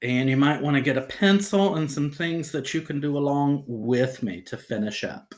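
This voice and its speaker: A man teaching a phonics lesson to young children, sounding out each letter patiently and checking in cheerfully. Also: normal speed. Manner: lively pitch, rising on cheerful check-ins.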